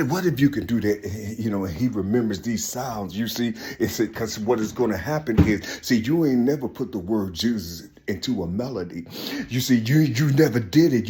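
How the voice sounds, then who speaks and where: A man delivering an impassioned spiritual monologue, repeating himself and swinging from high shouts to low mutters. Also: expressive, moderate pace. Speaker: self-styled preacher.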